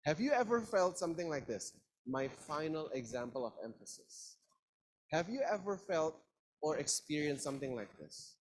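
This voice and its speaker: A young man leading a university session on communication, playfully demonstrating how stress and pauses change meaning. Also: on the high side, very animated, a little hiss or hum, poor audio. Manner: playful, demonstrative, shifts stress and volume to show emphasis. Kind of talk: lively public speaking demonstration.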